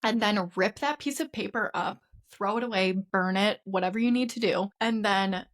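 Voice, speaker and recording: This podcast host is a woman with a medium-pitched voice and moderate pace. Earnest and conversational, she shares personal stories alongside a relaxed spiritual wellness lesson.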